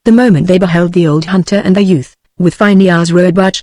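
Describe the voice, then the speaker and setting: A woman's voice: on the low side, fairly quick, no room sound, studio quality. A text-to-speech voice of a woman with a British English accent narrating an adventure novel as an audiobook. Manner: even synthetic reading.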